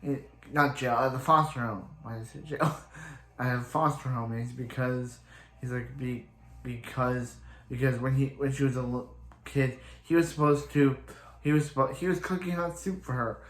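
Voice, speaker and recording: A man's voice: medium pitch, fairly bright tone, reverberant. A man casually recapping a TV episode, rambling and restarting as he paraphrases each character. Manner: rambling, halting retelling full of restarts and "he's like". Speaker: show reviewer.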